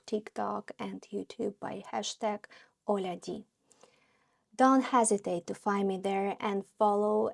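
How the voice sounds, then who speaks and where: A woman's voice: medium pitch, vocal fry, a little mellow. A woman teaching beginners in a podcast lesson. She speaks in an encouraging, teacherly way and carefully repeats each phrase for her learners. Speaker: Russian language teacher.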